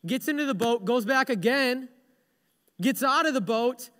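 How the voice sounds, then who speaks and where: A man's voice: extremely high pitch, normal speed, sharp tone, big-room sound. A male pastor preaching a sermon, retelling stories with humorous, self-deprecating asides.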